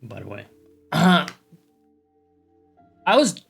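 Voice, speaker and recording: A man's voice: on the high side, wildly swooping pitch, drawn-out words, vocal fry, fairly bright tone, soft background music. A man casually commenting while streaming a game, cursing and joking, his throat slightly strained. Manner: profane, joking, laughing asides. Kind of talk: casual let's-play commentary.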